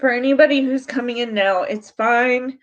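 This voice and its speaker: A woman's voice: a little high, normal speed, muffled recording. A woman streaming live to her chat, congested from crying and frustrated, talking through what happened. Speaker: YouTuber on a livestream. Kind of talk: emotional livestream talk to chat.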